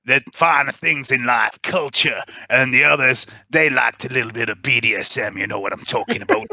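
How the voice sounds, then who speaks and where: A man's voice: medium pitch, normal speed, gravelly, bright, forceful tone, no room sound. A man voicing a brash, bawdy male adventurer with a put-on Southern drawl. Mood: cheeky.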